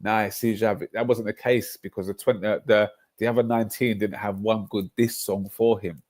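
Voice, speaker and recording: A man's voice: fairly low pitch, moderate pace. A young man, chatting casually and rambling through stories on a livestream, full of slang. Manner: rambling, animated storytelling with slang. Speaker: livestream host.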